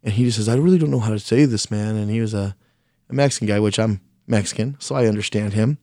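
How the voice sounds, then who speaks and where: A man's voice: on the low side, fast, mellow, dry recording, studio quality. A man on a podcast telling a personal story in a casual way. He is blunt, swears constantly, mocks himself and often restarts his sentences. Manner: blunt, profane, self-deprecating, restarts often; speaks his mind plainly.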